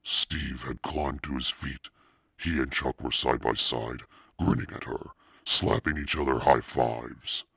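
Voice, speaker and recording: A man reading a children's novel aloud as narrator in a steady, plain storytelling manner. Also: rumbling low, a little slow, breathy edge, dry recording, studio quality. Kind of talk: audiobook reading.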